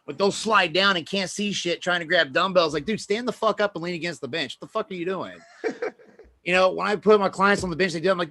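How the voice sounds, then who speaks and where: Bright-voiced ranting man. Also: high voice, fairly quick. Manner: profane, ranting, acts out gym arguments. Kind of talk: casual podcast chat.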